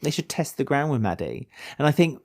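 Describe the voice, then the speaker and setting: A man with a Welsh accent, co-hosting a podcast in casual chat, animated and full of restarts. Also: fairly quick. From Wales. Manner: animated, chatty, with many restarts and sudden pitch jumps. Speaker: podcast co-host.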